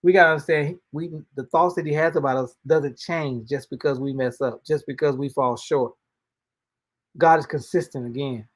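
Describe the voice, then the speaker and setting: A man's voice: on the high side, fairly even intonation, normal speed. A man hosting a casual spoken devotional, talking in a colloquial, folksy way and often repeating and restarting his words. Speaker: host and motivational speaker.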